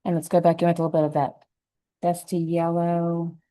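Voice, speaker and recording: Low, mellow woman teaching painting. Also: monotone, poor audio. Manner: gentle, unhurried, thinking aloud while painting. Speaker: painting instructor. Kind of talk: step-by-step painting lesson.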